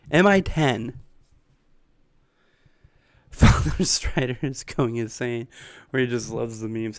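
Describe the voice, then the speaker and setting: Streamer man, casual and rambling, laughing often, mid-pitched, dry close mic. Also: slow pace, pauses often, no room sound. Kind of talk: casual live-stream chat.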